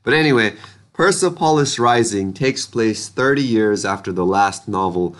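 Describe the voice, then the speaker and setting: A young man reviews a sci-fi novel in a casual vlog, talking with loose, slangy enthusiasm. His voice sits on the lower side for a man. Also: lively intonation, moderate pace, fairly bright tone. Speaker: book reviewer.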